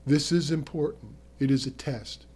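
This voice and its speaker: Soft, even-voiced mysterious man, as a narrator puts him on. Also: fairly high pitch, normal speed, slightly rough. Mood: solemn. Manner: solemn, earnest pleading. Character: calm mysterious man speaking softly and evenly.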